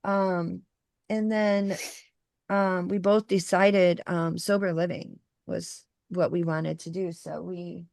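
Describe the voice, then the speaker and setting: A woman's voice: lowish voice, little pitch movement, takes it slowly, vocal fry, a little mellow, no room sound, studio quality. A young woman co-hosting a podcast, telling a personal story in a casual, slangy way and swearing freely. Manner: casual, swears freely, calls people dude. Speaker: podcast co-host.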